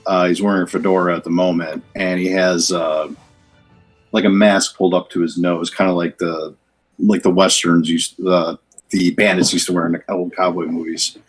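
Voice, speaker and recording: Man, very low voice, hesitant player, faint music behind. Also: level tone, normal speed, husky. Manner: hesitant, loose. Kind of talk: describing his tabletop character.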